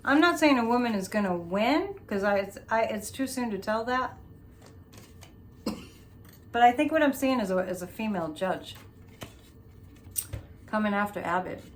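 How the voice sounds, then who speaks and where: A woman's voice: medium pitch, animated, measured pace, long pauses. A woman hosting a psychic show, chatting loosely through a tarot reading with many restarts and asides. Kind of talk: casual tarot reading commentary.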